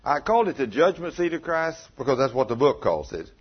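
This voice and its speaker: A man preaching a sermon, telling stories in a folksy, animated way and rising to loud emphatic peaks. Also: mid-range voice, a little fast, breathy edge. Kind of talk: sermon with storytelling. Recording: dull lo-fi recording.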